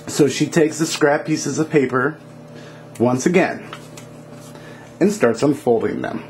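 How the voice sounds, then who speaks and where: A man's voice: medium pitch, a little slow, a little hiss or hum. Casual male storyteller, easygoing, filler-heavy, talks to viewers. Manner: relaxed, with fillers and hedges.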